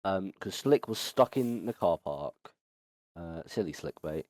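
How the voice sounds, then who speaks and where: A man hosts a casual podcast, his voice sitting on the low side. He rambles, stumbling over ums and restarts. The sound is dry and close. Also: animated, a little slow, a little mellow, dry recording. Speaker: podcast host. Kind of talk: casual chat.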